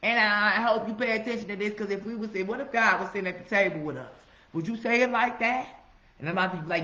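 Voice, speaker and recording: A woman giving a casual, profane motivational monologue, preaching with loud emphatic outbursts. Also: medium pitch, quick pace. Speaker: motivational vlogger. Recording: roomy, slightly muffled recording.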